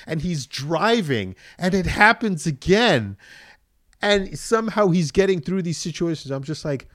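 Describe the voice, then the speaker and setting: A man chatting casually about a TV show, animated, acting out his reactions and swearing freely. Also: fairly high pitch, a little slow, dry recording, studio quality. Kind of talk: casual review chat.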